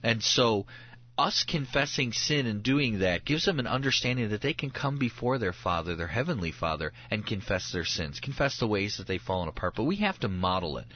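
A man's voice: on the low side, a little fast, highs cut off, a little hiss or hum. A man in his thirties, a pastor, talking earnestly on a radio show and acting out quotes as he tells his stories. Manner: earnest, animated storytelling with acted-out quotes. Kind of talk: radio talk show guest.

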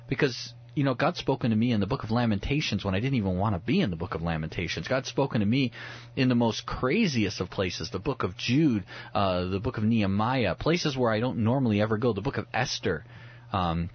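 An earnest man with a lowish, slightly husky voice walks through a Bible passage in conversational teaching. He talks reflectively and often restarts his sentences. The sound is muffled and lo-fi. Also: animated, fairly quick. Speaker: pastor, radio guest.

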